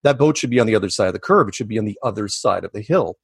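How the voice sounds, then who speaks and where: A man being interviewed as a guest, talking casually in a rambling, animated way with many restarts and asides. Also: fairly low pitch, racing, creaky, breathy edge, no room sound, clean studio sound. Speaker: podcast guest.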